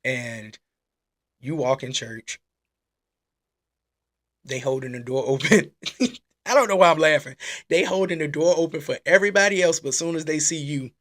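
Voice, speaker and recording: A man hosting a casual church-style live talk. He is animated and exclaiming, and he repeats his questions. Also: a little high, normal speed, long pauses. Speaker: host. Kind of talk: casual preaching live stream.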